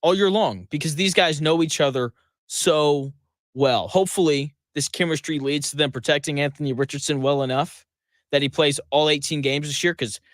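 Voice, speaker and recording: A man hosting a sports radio talk show in a slightly higher register. His delivery is emphatic and chatty, with a dry, close sound. He keeps circling back with quick asides. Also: no room sound. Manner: emphatic and conversational, with frequent "okay, like" asides.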